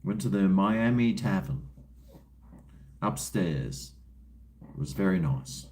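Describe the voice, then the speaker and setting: Low and darkish in tone, this Australian livestream host speaks slowly yet animatedly as he drinks and chats. He rambles easily, reads viewers' messages aloud, and mixes crude slang with chuckles.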